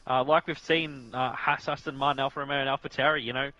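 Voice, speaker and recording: Bright-voiced, chatty man commentating racing. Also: mid-range voice, fairly even intonation, fast, lo-fi sound. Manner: chatty and jokey, keeps saying "mate". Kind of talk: casual sim racing commentary.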